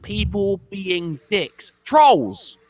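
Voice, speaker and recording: A British man in a casual group call, halting and swearing often as he talks. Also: sits high, expressive, darkish tone. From United Kingdom.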